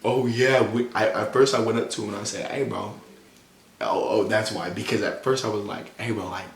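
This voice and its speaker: A young man rattles through a story at a fast clip, his voice sitting a little low. The delivery is slangy and profane, full of acted-out quotes. The sound is roomy and echoey, with faint music playing underneath. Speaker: storytelling vlogger. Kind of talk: casual storytime chat.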